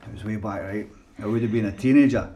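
A man's voice: lowish voice, fast, a little hiss or hum. A Scottish man telling a funny anecdote in a casual podcast chat, acting out both sides of the conversation and laughing as he goes. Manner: animated anecdote teller, laughs through his story. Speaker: podcast panelist.

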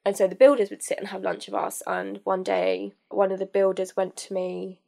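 On a podcast, a young woman guest recounts something from her own life with a mellow, sing-song delivery at medium pitch. Her telling is frank and hesitant, packed with fillers and false starts.

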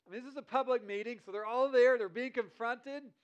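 A man preaching a sermon, reading scripture slowly and then explaining it in a conversational way. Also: very high voice, smooth, lo-fi sound. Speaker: pastor.

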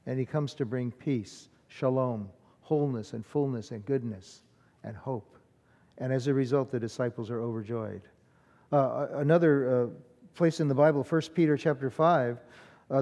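A man's voice: mid-range voice, warm tone, in a large hall. A man preaching a sermon as pastor, earnest and conversational, often restarting his phrases with fillers.

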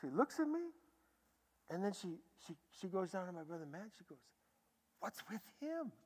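A man preaching a sermon as a pastor, telling stories with sudden loud bursts and hushed, quiet stretches. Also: sits high, brisk, husky. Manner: animated storytelling, swinging from loud bursts to hushed tones. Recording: long hall reverb.

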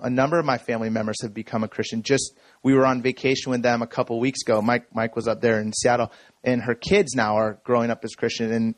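A man telling a personal story from the stage in a relaxed, conversational way, checking in with the audience as he goes. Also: medium pitch, dry recording. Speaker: speaker. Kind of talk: conference talk.

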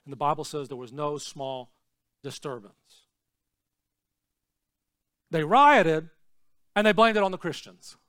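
A man preaching a sermon as pastor, swinging between low, quiet asides and shouted, repeated lines. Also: lively intonation, unhurried, pauses often, smooth, no room sound, studio quality.

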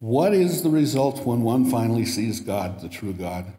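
A man's voice: medium pitch, sing-song, normal speed, warm tone. A man giving a sermon in a church and reading a story aloud, lifting his voice for the quoted lines. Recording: echoey hall with long reverb.

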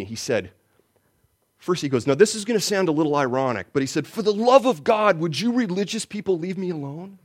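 A man preaching a sermon, telling a personal story and swinging between loud lines and hushed ones. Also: medium pitch. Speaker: pastor.

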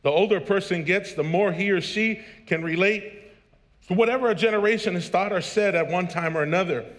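A man in his thirties preaching from the pulpit, his voice sitting a little high for a man. He moves from joking family stories into emphatic, rising preaching. A long church reverb trails each phrase. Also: brisk, a bit bright. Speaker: pastor. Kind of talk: sermon. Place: church sanctuary.

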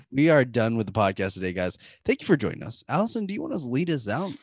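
A man hosts a casual podcast with friends, his voice swinging widely in pitch as he rambles and restarts his sentences. The sound is close and dry, with no room around it. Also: sing-song, fast talker, dry recording. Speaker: podcast host.

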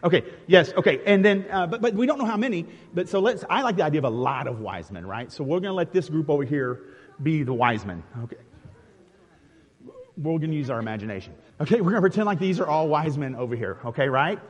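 Animated and quick, his voice on the high side, the male pastor casually steers a live nativity skit as part of an interactive Christmas sermon. He jokes and chats, laughing often and restarting frequently, while the large sanctuary hall gives a long reverb.

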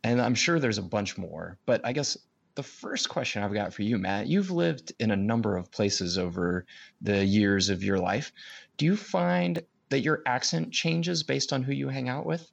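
Midwestern guy on a podcast, husky voice, laughs a lot, kinda lo-fi. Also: mid-range voice, lively intonation, moderate pace. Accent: Midwestern American. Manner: chatty, laughs often, thinks aloud. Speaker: podcast co-host. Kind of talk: casual conversation.

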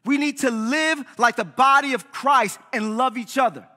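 A man preaching a sermon in a church, animated, often checking in with "right?". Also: very high voice, normal speed, big-room sound. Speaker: pastor. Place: church sanctuary.

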